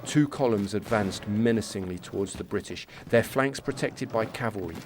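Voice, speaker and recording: A man's voice: lowish voice, normal speed, noisy background. A man hosting a history podcast, reading scripted narration with casual asides. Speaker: podcast host.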